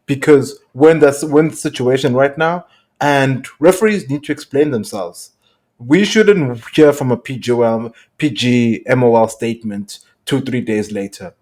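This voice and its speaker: A man with a mid-pitched voice co-hosting a podcast. He lays out his points in a measured, explanatory way, sometimes restarting a phrase before going on. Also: a little mellow. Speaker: podcast co-host. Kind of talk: casual chat.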